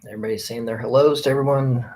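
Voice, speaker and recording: A man's voice: medium pitch, steady tone, racing, noisy background. A man hosting a casual live stream, greeting viewers by name as they join. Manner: friendly, reads out viewer names one by one.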